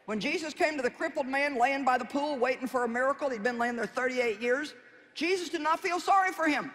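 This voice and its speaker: A man's voice: very high-pitched, fairly quick, fairly bright tone, big-room sound, a little hiss or hum. A man preaching a sermon in a folksy, conversational way, with emphatic exhortations.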